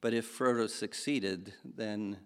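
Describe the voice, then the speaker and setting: A man preaching a sermon, telling a story in a halting way and acting out the quoted lines. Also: lowish voice, fairly even intonation, smooth. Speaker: pastor. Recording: long hall reverb.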